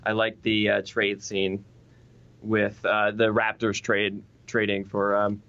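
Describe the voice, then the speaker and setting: A man guesting on a casual chat, making dry deadpan asides. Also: fairly low pitch, takes it slowly, dull audio. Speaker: guest, web series co-creator.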